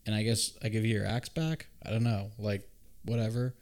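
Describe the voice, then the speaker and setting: A man's voice: lowish voice, fairly even intonation, a little fast, a little mellow. A man hosting a casual podcast chat, retelling a movie scene with profane asides and acted-out quotes. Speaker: podcast host.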